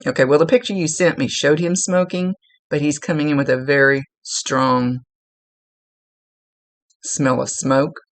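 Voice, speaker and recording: A woman's voice: low-pitched, steady tone, a little slow, pauses often, no room sound. A woman working as a psychic medium, giving a spirit reading to a client in a rambling way, searching for words and restarting her sentences.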